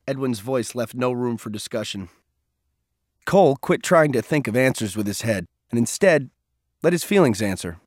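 Reading a novel as its narrator, a man keeps an even, measured storytelling pace in this scripted audiobook narration. His voice sits in the mid range, and the studio-quality recording is dry.

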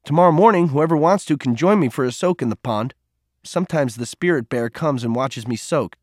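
A man's voice: mid-range voice, lively intonation, fairly quick, no echo, clean studio sound, lightly acted. A man voicing a troubled teenage boy who speaks in a subdued, remorseful way.

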